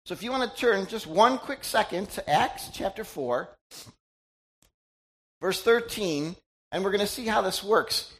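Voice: mid-range voice, lively intonation, unhurried, long pauses. A middle-aged pastor giving a conversational sermon, chatty and teasing, often quizzing the congregation.

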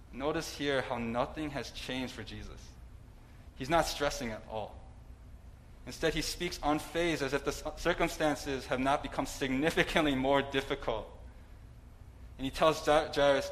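A man's voice: medium pitch, brisk, fairly bright tone, rough recording. Man preaching a conversational sermon. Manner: conversational preaching with humor and fillers.

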